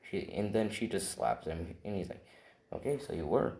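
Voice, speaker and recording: A man's voice: sits low, very animated, moderate pace, vocal fry, darkish tone. A man casually improvising a story, rambling with constant "right?" and "like" fillers. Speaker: storyteller of an anime fan scenario. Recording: roomy, noisy home recording with typing.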